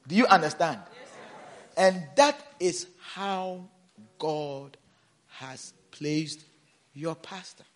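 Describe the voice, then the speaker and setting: High-voiced preaching pastor, loud then hushed. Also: male voice. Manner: swings between shouted emphasis and soft low asides; repeats words for emphasis, asks the congregation questions. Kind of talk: sermon.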